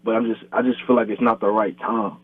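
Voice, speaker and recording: A man's voice: on the low side, steady tone, fast, no echo. A young man and YouTuber, chatting loosely in an interview, filling his talk with "like" and "bro". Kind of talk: casual interview chat. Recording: thin phone-line sound, husky and dry.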